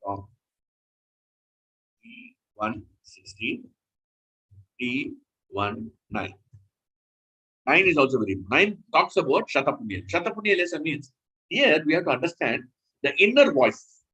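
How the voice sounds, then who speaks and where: Male preacher, emphatic, bright and slightly husky, lively intonation, scripture-class delivery. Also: on the high side, measured pace, pauses often, muffled recording. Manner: animated, emphatic, self-correcting. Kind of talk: scripture lecture.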